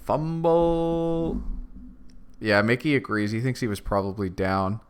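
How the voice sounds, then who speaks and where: A man co-hosting a casual sports watch-along stream, relaxed, reading viewer comments aloud. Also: on the low side, brisk, smooth. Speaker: co-host.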